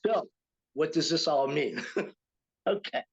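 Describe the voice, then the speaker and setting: A man's voice: fairly high pitch, slow, poor audio. An older man from upstate New York, a retired teacher and writer, telling a story in a casual interview with many fillers and restarts. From Utica, New York, USA.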